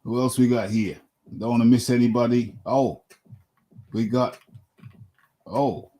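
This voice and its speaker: A man's voice: medium pitch, steady tone, a little slow, warm tone. A man hosting a live boxing talk stream, chatty as he reads out the names of viewers. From United Kingdom. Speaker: host.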